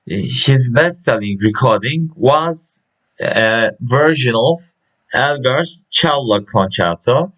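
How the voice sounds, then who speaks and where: A man works through a pronunciation lesson at an unhurried pace. His voice sits at a middling pitch, and he halts often with fillers and restarts as he reads words and their example sentences. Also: animated, a bit bright, poor audio. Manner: slow and hesitant, many restarts and uh fillers. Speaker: pronunciation teacher.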